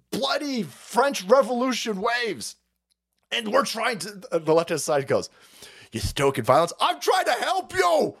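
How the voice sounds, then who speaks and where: High-pitched ranting male stream host. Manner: crude, heated, swinging into loud outbursts and laughter. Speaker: show host. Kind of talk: profane live-stream political rant.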